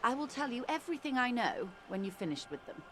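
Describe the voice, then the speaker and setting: An actress playing a composed, formal middle-aged negotiator in a video game, speaking with measured, precise diction. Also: female voice, a little high, very animated, background noise.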